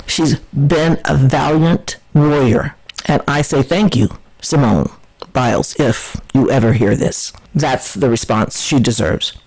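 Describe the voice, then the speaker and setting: A woman's voice: rumbling low, takes it slowly, a little mellow, slightly rough, low-quality recording. A woman hosting a podcast, giving chatty, opinionated political commentary in a scornful, mocking way. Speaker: podcast host.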